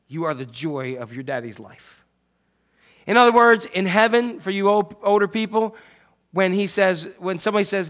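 A man delivers a sermon in a high, lively voice. He acts out quotes loudly, then drops to soft, hushed asides. He talks like a pastor chatting with his congregation. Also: normal speed. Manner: animated, swings from loud acted quotes to soft hushed asides.

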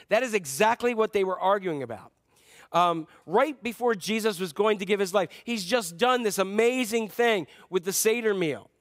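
A man preaching a sermon as a pastor, telling stories in an animated way and acting out scenes with playful humor. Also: high voice, normal speed, no room sound, studio quality.

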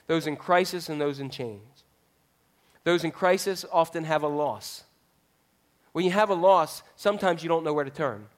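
High-voiced man preaching a sermon. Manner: conversational, quizzes the congregation. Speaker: pastor.

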